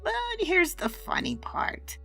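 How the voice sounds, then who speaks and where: A woman voicing a cruel old witch who cackles and mocks in a shrill, loud voice over faint music. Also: wildly swooping pitch, takes it slowly, exaggerated voice. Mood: gleeful mockery. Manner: mocking, gleeful, loud.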